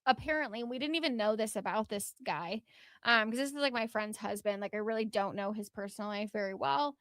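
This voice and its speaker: This woman hosts a podcast and recounts a story in brisk, easygoing conversation. She's animated, leans on filler words, and acts out what people said, in a mid-range voice with no room sound.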